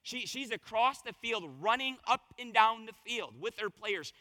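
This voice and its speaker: A man preaching a conversational sermon as pastor, his voice a little hoarse, telling stories and asking the congregation questions. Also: extremely high pitch, moderate pace, sharp tone, long reverb tail. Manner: conversational, storytelling with rhetorical questions. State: slightly hoarse voice.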